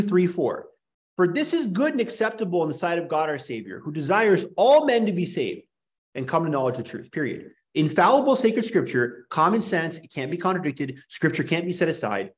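A man's voice: fairly high pitch, sing-song, a little fast. Impassioned man ranting in an echoey room. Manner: impassioned, worked up. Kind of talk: polemical rant to a class.

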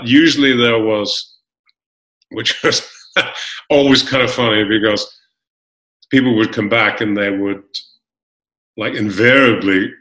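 A middle-aged man from Scotland, a guest actor chatting in an interview, rambling through fillers and restarts as he tells stories. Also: lowish voice. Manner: rambling, full of fillers and restarts, animated storytelling. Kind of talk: casual interview chat. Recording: roomy echo.

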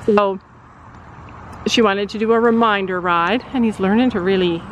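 A woman's voice: medium pitch, moderate pace, dull audio, a little hiss or hum. A middle-aged woman chatting casually to her viewers at a horse barn, cooing soothingly to the horses between remarks. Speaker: vlogger, mother at a horse barn. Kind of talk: casual family vlog chat.

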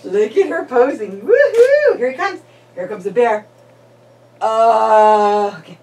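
A woman's voice: fairly high pitch, sing-song, takes it slowly, darkish tone. A woman playing with a toddler in sing-song baby talk, coaxing and squealing calls. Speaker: family member playing with a toddler. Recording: distant, noisy home video.

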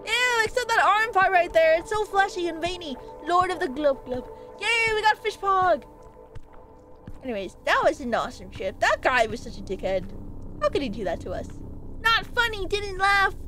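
A woman's voice: extremely high pitch, big pitch swings, normal speed, bright, forceful tone, soft background music, rough recording. A woman streaming a game who rambles, jokes, and chats with her viewers. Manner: rambling, jokey, chatty with viewers. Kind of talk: casual game commentary.

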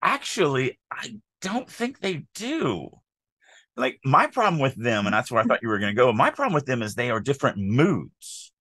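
A man co-hosting a podcast, discussing a writing submission in a casual, animated way, often acting out quoted lines. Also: medium pitch, normal speed, no echo. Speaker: podcast co-host.

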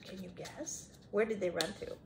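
A woman's voice: medium pitch, normal speed, background noise. A woman reading a picture book aloud to children, stopping often to chat and ask the young listeners questions. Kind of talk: children's read-aloud with chatty commentary.

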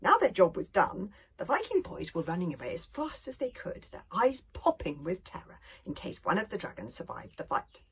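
A British woman, a children's author, reading her storybook aloud in an expressive way that often drops to a whisper. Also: fairly low pitch, normal speed, hardly any pauses, a little hiss or hum. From United Kingdom.

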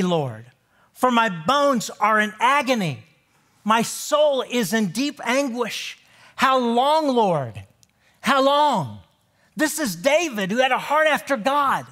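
A male pastor delivers a sermon at a slow, deliberate pace, his voice sitting high for a man. He swings from ringing, emphatic declarations down to soft, almost whispered lines. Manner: dramatic swings from loud proclaiming to hushed near-whisper. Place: church.

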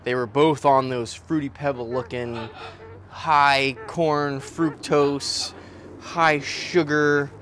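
Slangy, animated man vlogging outdoors. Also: takes it slowly. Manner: loose, slangy and animated, switches to a high cooing voice for his birds. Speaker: vlogger, bird keeper. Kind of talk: casual vlog chat. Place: outdoor backyard cage area.

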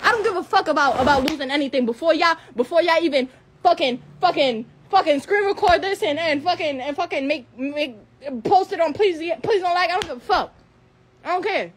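A young woman of eighteen with a high voice vents on a live stream. She circles back to the same defiant lines again and again and curses freely. When her anger peaks, she stumbles over her words. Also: a little fast. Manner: heated, profane, repeats phrases, stutters when upset. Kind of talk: angry rant on a live stream.

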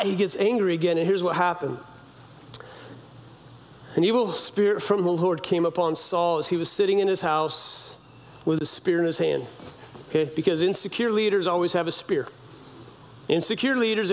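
A man with a notably high voice preaches to his congregation. He tells the story loosely and chattily, slipping into quoted voices and goofy sound effects, and often turns to ask the room questions. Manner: conversational, asks congregation questions. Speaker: pastor. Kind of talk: sermon.

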